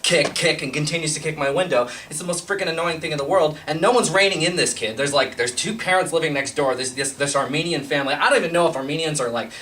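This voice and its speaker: A man rattles off an irritated comic rant at a quick clip, repeating himself and pushing his voice higher and louder. He sounds thoroughly fed up. The recording is a bit distant, with faint background noise. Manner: fast, exasperated, builds to shouting. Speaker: actor. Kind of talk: comedic rant monologue.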